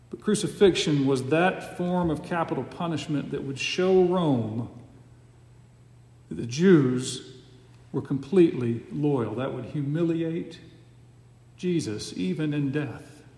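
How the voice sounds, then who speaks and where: A man preaching a sermon with a slow, emphatic cadence and dramatic pauses, recorded in a large church sanctuary. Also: fairly high pitch, darkish tone. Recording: echoey hall with long reverb.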